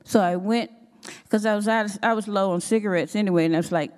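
A woman sharing a testimony at church, telling her story with animated, expressive delivery. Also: fast. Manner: expressive, acts out her own quotes with sudden pitch jumps. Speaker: church speaker giving a testimony. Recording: long hall reverb.

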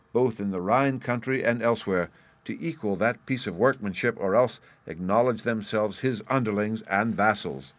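A man reading a storybook aloud as narrator, in a measured storytelling manner. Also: lowish voice, no echo. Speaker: audiobook narrator. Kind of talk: scripted narration.

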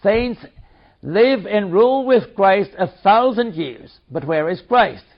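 A man reading a study text aloud in a measured, deliberate way. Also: high-pitched, expressive. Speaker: reader. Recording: dull lo-fi recording.

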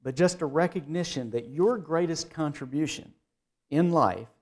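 A man with a slightly high voice and a Southern US drawl gives a keynote address. He works in folksy, self-deprecating anecdotes as he talks to the audience. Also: moderate pace. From North Carolina, US. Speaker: keynote speaker. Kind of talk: keynote speech with humorous anecdotes.

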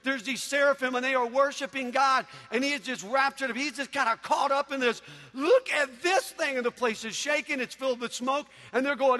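A man preaches with a very high, bright voice, telling stories animatedly with sudden loud bursts. His voice rings through a large hall with a long reverb tail. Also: normal speed. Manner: animated storytelling, loud outbursts. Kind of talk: sermon. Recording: echoey hall.

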